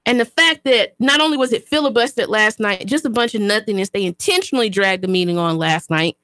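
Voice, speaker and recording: In a radio studio, a woman from Chattanooga, Tennessee, US, hosts a talk show as an activist, speaking in an impassioned, emphatic way and often repeating phrases like a preacher. Her mid-range voice is brisk and a bit bright, with no echo.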